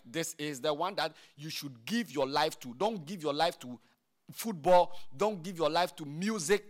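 A man preaching a sermon, praying and teaching with repeated phrases and frequent "all right?" checks to his listeners. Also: fairly high pitch. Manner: builds from quiet prayer to loud emphatic preaching.

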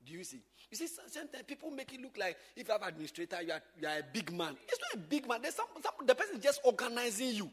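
Animated high-pitched pastor. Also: male voice, quick pace, few pauses, long reverb tail. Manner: animated, emphatic, repeats points. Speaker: pastor teaching church workers. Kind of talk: church teaching talk.

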